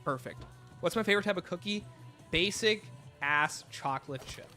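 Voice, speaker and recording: A man's voice: high voice, expressive, moderate pace, pushed and bright, faint music behind. A young man with a sick voice, livestreaming a zombie game and chatting casually with his viewers, greeting them by name. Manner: chatty, greets chat by name, jokey asides. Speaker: gaming livestreamer. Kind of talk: casual gameplay chat with viewers.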